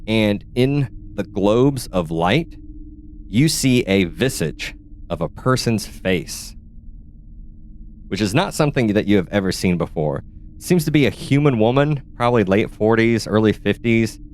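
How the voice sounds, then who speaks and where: A man's voice: lowish voice, animated, unhurried, a little mellow, a little hiss or hum. A man narrating a tabletop game as game master, describing scenes in detail and searching aloud for words.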